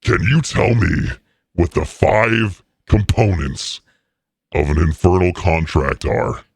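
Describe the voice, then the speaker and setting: A man voicing a huge, jovial, muscular tiefling boss with a hearty, booming manner. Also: animated, slow, gravelly, breathy edge, exaggerated voice. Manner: hearty, back-slapping, loud.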